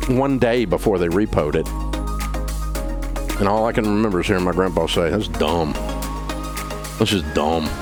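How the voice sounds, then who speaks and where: A man, hosting a call-in advice show and telling stories in a folksy, plainspoken way. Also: lowish voice. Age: 50s. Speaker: radio show host.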